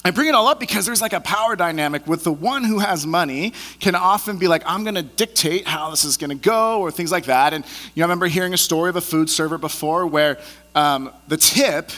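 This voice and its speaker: A man preaching a sermon in a relaxed, conversational way, animated as he acts out the people in his stories. His voice sits a bit high and sounds bright and forceful. A long reverb hangs around every phrase, as if he is in a large church sanctuary. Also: fast. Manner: animated storyteller acting out scenes. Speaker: pastor.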